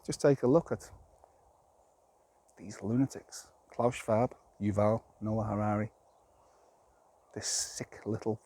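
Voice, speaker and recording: A man's voice: on the low side, steady tone, slow, long pauses, warm tone. A man talking to camera outdoors in a rambling, plain-spoken, exasperated monologue of his opinions. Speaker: vlogger.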